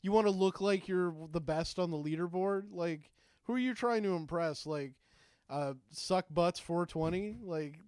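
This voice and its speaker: Co-host, male, fairly high voice, dry close mic, quick riffing banter. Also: darkish tone, clean tone, no room sound. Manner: riffing, joking asides. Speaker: podcast co-host. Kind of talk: casual comedic chat.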